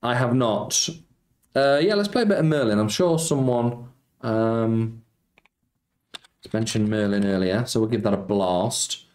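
His voice is lowish and darkish, and he speaks a little slowly as he hosts an easygoing slots live stream. He chats with viewers, reads their messages aloud, replies, and says "mate" frequently. The sound is echoey, with music in the background.

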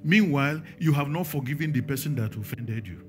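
A man's voice: mid-range voice, fairly quick, faint music behind. A man with a Nigerian accent preaching a sermon, emphatic and firing questions at the congregation.

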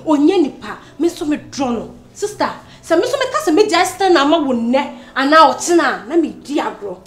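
An actress with a Ghanaian accent playing a defiant young woman who mocks her rival in a film drama. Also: high-pitched. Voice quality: teasing, mocking delivery. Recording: echoey room.

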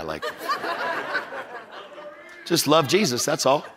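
A middle-aged man preaches with restless energy, slipping into the voices of the people in his story and teasing his listeners. His voice sits a little high for a man. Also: moderate pace, crowd noise, background noise. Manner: energetic, acts out quoted voices, jokes with the audience. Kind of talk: storytelling sermon.

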